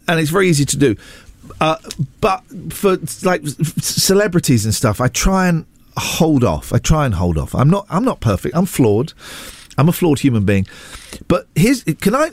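A man with a slightly high voice hosts a radio show from a studio, chatting casually on air in a rambling, self-deprecating way that hops between asides. The recording is dry.

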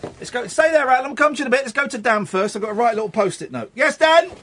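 A man hosting a radio show, chatting and telling stories in a jokey, animated way from the studio. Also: very high voice, very fast, a little hiss or hum. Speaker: radio host. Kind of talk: casual radio chat. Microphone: studio microphone.

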